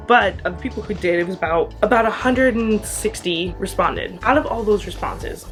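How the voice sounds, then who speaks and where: A young American woman hosting her own channel, talking earnestly to camera in a chatty way with quick asides. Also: fairly low pitch. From United States. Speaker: channel host. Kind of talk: casual vlog talk to camera.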